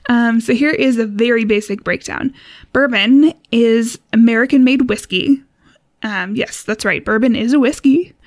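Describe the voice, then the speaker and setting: A young woman with a fairly high voice walks through a cocktail recipe in a relaxed podcast chat. She laughs often and fills pauses with "um" and "like". The recording is close and dry. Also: no room sound. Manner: relaxed, giggly, lots of fillers. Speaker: co-host.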